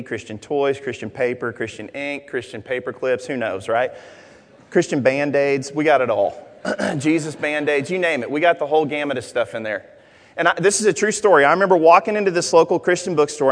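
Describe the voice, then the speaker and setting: Joking preacher in a big echoey hall. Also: male voice, medium pitch. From Arkansas, USA. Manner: animated, joking storytelling. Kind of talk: sermon. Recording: long hall reverb.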